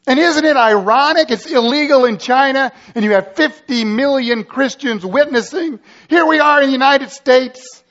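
High-pitched male pastor preaching, dramatic, lots of questions, kinda dull lo-fi sound. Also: fairly bright tone. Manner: dramatic, builds urgency with rhetorical questions. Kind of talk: sermon.

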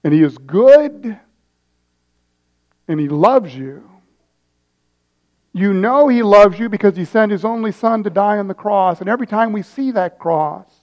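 High-voiced man preaching a sermon. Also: highs cut off. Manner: storytelling, acts out voices with sudden loud high bursts and soft asides. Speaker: pastor.

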